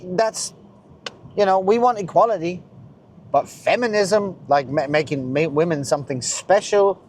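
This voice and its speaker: Middle-aged guy going off on a profane rant, kinda high voice, loud then muttering. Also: a little slow, slight background noise. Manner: blunt, profane, swings loud and quiet. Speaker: vlogger. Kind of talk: ranting monologue.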